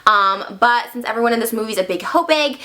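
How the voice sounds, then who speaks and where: A woman's voice: fairly high pitch, animated, fast, sharp tone. A young woman in a crude, sarcastic comic recap, full of "like". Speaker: vlogger.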